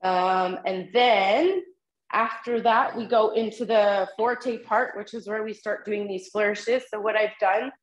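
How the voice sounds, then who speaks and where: Slow, patient woman teaching drum counts. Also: medium pitch, steady tone, reverberant, muffled recording. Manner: patient, counts rhythms aloud slowly, frequent ums. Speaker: tenor drumming instructor. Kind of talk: online group lesson. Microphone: video call microphone.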